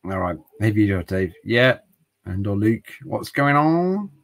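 A man's voice: lowish voice, big pitch swings, unhurried, low-quality recording. A middle-aged man chatting casually while streaming games, rambling with stumbling restarts and jokes. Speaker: streamer playing retro games. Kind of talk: casual livestream chat.

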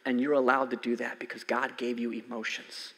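A man in his forties preaching a conversational sermon as a pastor, swinging from loud emphasis to soft near-whispers. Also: medium pitch, level tone, fairly quick. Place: church sanctuary. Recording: long hall reverb from a church sanctuary.

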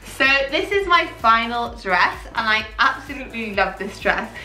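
Bright-voiced woman gushing about clothes. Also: fairly high pitch, very animated, moderate pace, distant mic, faint music behind. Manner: chatty, gushing, filler-heavy. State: out of breath. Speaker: fashion vlogger. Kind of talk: casual haul vlog. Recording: echoey room, voice a little off-mic.

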